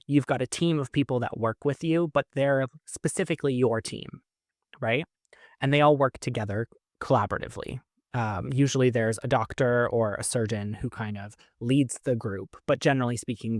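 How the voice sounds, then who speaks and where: A man's voice: medium pitch, dry recording, studio quality. A man from Canada, hosting a podcast and telling a personal story in a chatty way, full of fillers and laughs. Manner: chatty, lots of "like" fillers, laughs between lines. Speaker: podcast host. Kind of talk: casual storytelling.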